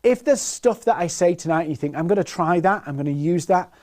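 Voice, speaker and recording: A man's voice: on the high side, lively intonation, a little fast, darkish tone. A man from the north of England hosting a live online sales webinar, chatting and greeting viewers by where they are from. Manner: chatty, reads out viewers' names and places. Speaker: webinar host. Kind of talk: live-stream webinar intro. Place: presenting from a home set-up in Plymouth.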